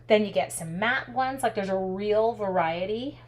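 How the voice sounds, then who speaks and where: A woman's voice: mid-range voice, normal speed, a little hiss or hum. Chatty woman crafting on camera. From Canada. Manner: chatty, animated, talks while working with her hands. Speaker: craft demonstrator. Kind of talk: casual craft tutorial with storytelling.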